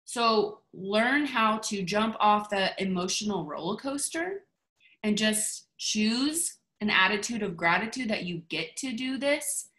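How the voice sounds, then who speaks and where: A woman's voice: mid-range voice, pushed and bright. A woman giving a motivational talk to her team over a video call, in a chatty, gushing way. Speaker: team leader.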